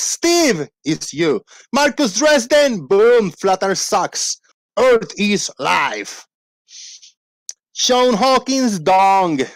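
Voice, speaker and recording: A man hosting a casual livestream, rambling playfully and reading out shout-outs to viewers. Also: sits high, dry recording, studio quality. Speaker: livestream host. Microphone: desk microphone.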